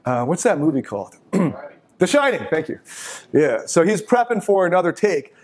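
A man's voice: fairly high pitch, very animated, normal speed, a little mellow. A middle-aged man giving a live motivational talk, blunt and profane, often acting out the voices of people he quotes.

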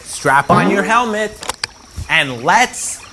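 A man's voice: high-pitched, lively intonation, slow pace, bright, forceful tone, slight background noise. A man hosting a preschool educational show, upbeat and playful, talking directly to young viewers and acting out animals. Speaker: children's show host. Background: music.

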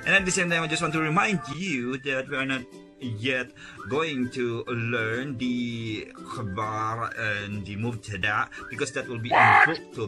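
A man teaching a casual video lesson, explaining step by step and repeating each word slowly. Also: medium pitch. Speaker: Arabic teacher.

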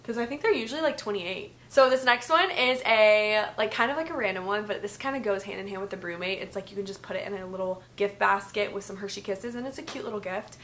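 A woman's voice: mid-range voice, fast talker, few pauses, a bit bright, a little hiss or hum. A young woman in her twenties chatting casually in a gift-guide vlog from her bedroom, saying "like" a lot. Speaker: vlogger. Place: bedroom at home. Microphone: vlog camera.

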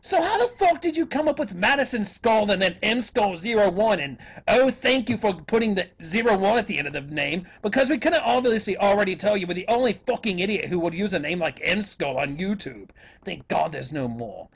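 A man playing a ranting British professor, breathy tone, lively swoops, constant swearing. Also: sits high, brisk, exaggerated voice. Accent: put-on British. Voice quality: profane, insulting rants. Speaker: YouTube commentator. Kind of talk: ranting video commentary.

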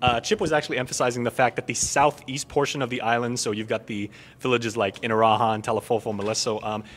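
A man's voice: mid-range voice, little pitch movement, quick pace, fairly bright tone, a little hiss or hum. A man hosting a live local news segment, chatty and joking, with many fillers. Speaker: news host. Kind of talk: casual live news chat.

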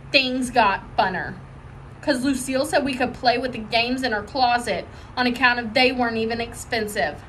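A woman reading a children's chapter book aloud in a lively, expressive way. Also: fairly high pitch, a little hiss or hum. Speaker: audiobook reader. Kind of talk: storybook read-aloud.

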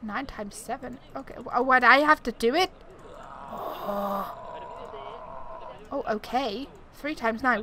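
A woman's voice: on the high side, a little slow, fairly bright tone, a little hiss or hum. A woman giving casual let's-play commentary, talking to herself and exclaiming as she plays, with game audio behind her. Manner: chatty, exclaiming, talks to herself while playing. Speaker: gaming YouTuber. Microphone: desktop USB mic.

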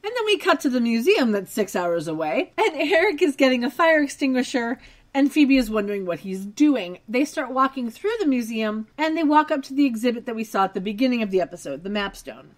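A woman's voice: a little high, sing-song, brisk. Casual woman recapping a TV episode. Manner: detailed, nitpicking, agreeable. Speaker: podcast co-host.

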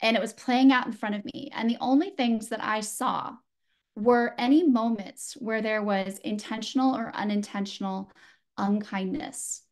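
A woman's voice: on the high side, steady tone, moderate pace. A woman from San Francisco, a guest sharing a personal story in an earnest, reflective way, with frequent fillers and restarts. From San Francisco, USA. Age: adult.

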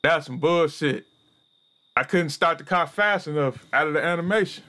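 A man streaming a game live, excitable and swearing a lot as he yells at the game, with game music behind him. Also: fairly high pitch, moderate pace. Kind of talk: live gameplay commentary.

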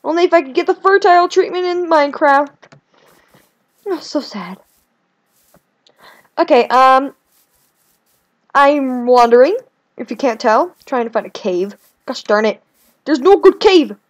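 A young woman chatting casually while playing a video game, rambling and swinging between whiny complaints and excited outbursts. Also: sits high, unhurried, pauses often. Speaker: gaming video creator. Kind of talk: casual let's-play commentary.

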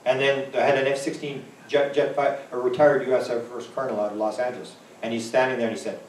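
A man's voice: medium pitch, level tone, quick pace, reverberant, far from the mic, slight background noise, rough recording. A man answering audience questions as a UFO researcher, telling rambling stories full of quoted dialogue. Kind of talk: conference Q&A answer. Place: lecture hall.

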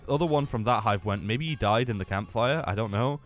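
A young man giving playful, excitable commentary on his Minecraft game, taunting the mobs and laughing often. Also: medium pitch, fast talker, few pauses, soft background music. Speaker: gaming YouTuber. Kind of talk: Minecraft let's-play commentary.

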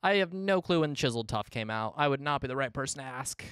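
A male streamer giving casual live gameplay commentary from his room, talking to himself and chat, swinging between exasperated yelps and low mumbling. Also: lively intonation, fast, fairly bright tone, smooth, dry recording, studio quality.

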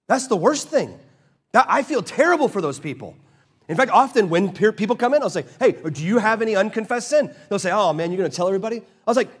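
A man preaching a sermon as pastor, casual and conversational, acting out both sides of dialogues and slowing down to read scripture. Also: high voice, slightly rough. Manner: slows down and drops quiet to read scripture.

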